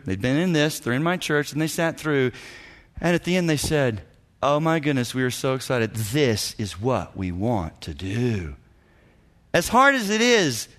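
A man, a senior pastor, giving a teaching talk to church leaders and telling stories with lively acted-out dialogue. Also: fairly high pitch. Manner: animated storyteller, acts out dialogue, chuckles often.

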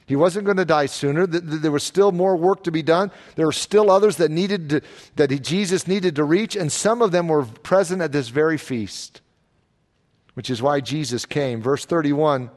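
A man's voice: a little high, normal speed, a little mellow. A man preaching a sermon, emphatic, with repeated phrases. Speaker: pastor.

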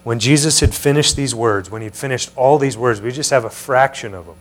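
A man's voice: medium pitch, a little fast. A man preaching a teaching sermon in a conversational way, often asking his listeners questions. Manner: conversational, asks the room questions. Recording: mains hum behind voice.

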